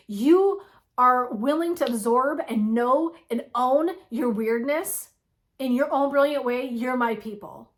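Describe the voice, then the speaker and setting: A woman in her forties giving a fiery, blunt motivational pep talk in her vlog, swearing freely. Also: on the high side. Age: 40s. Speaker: wellness vlogger.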